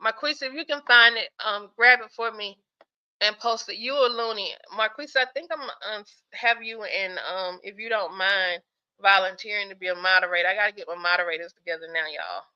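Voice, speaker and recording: A woman hosting a casual livestream, reading viewer comments aloud, chatty and quick to laugh while sleepy and yawning. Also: medium pitch, pushed and bright, clear, resonant tone, lo-fi sound. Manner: chatty, laughs often, talks straight to viewers. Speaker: livestream host.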